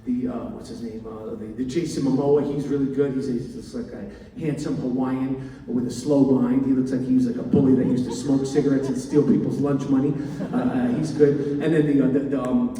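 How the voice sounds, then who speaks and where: New guy doing standup, rambling with lots of uhs, mellow voice, echoey hall, sounds far off. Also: mid-range voice, steady tone, fairly quick. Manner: rambling, many fillers and restarts. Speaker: comedian. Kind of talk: stand-up comedy. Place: large hall with an audience.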